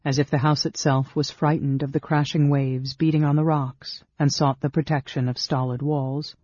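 A man giving a steady, measured audiobook reading of a fantasy novel. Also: on the high side, no echo. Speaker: audiobook narrator. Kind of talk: scripted narration. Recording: dull, dry studio sound.

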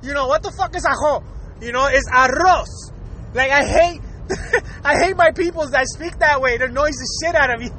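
A man from Puerto Rico in a casual, profane monologue, talking fast, swearing freely and laughing often. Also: extremely high pitch, sharp tone, slight background noise, poor audio.

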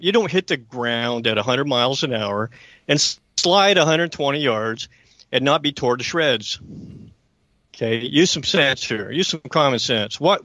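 A man's voice: medium pitch, pushed and bright, no room sound. Earnest man telling his story on radio. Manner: earnest, emphatic, keeps checking in with listeners. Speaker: radio show host.

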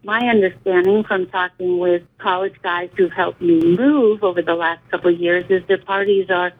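A middle-aged woman speaks earnestly over a thin, tinny phone line. Her voice is husky and a little breathy. She talks with emphatic, steady conviction. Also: fairly low pitch, moderate pace. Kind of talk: candid conversation.

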